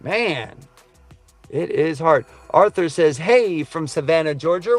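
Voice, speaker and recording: A man's voice: on the high side, lively intonation, slow pace, soft background music. A middle-aged man, a trucker, chatting casually on a live stream, reading viewer comments in a rambling, earnest way. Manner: rambling, earnest, says man and brother a lot. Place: truck cab.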